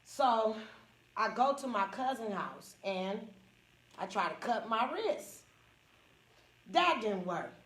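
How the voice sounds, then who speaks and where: A woman's voice: a little high, very animated, slow, long pauses, a bit bright. A woman comedian with a Northern California accent, frankly telling a personal story to a small group, laughing often and acting out what people said. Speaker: comedian and support group speaker. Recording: echoey room, distant from the mic.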